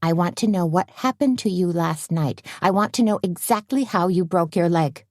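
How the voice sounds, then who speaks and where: A woman's voice: lowish voice, normal speed, a little mellow, dry recording, clean studio sound, pitched above the performer's own voice, close to an everyday voice. A woman reading an audiobook, voicing a brash, anxious woman who scolds her husband in a raised voice. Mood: exasperated. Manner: bossy, exasperated.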